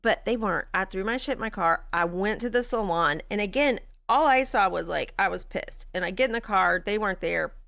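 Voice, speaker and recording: A woman with a Texan accent, a grief coach and podcast host telling a story in a blunt, profane, animated way. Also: medium pitch, a little fast, gravelly, few pauses. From Texas. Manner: animated, blunt and profane, laughs between lines. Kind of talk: candid storytelling monologue.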